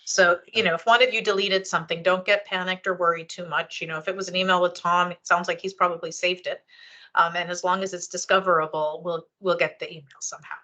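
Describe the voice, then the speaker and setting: A woman's voice: on the low side, steady tone, quick pace, sharp tone. A woman chairing a public board meeting over a video call, explaining rules conversationally with frequent ums and restarts. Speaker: meeting chair, library official.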